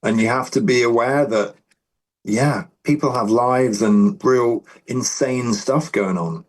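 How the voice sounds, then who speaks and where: A man's voice: medium pitch, slow, rough recording. British man, musician guest, rambling and loose, restarts his sentences, mid-range voice. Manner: rambling with many restarts and fillers. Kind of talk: casual interview chat.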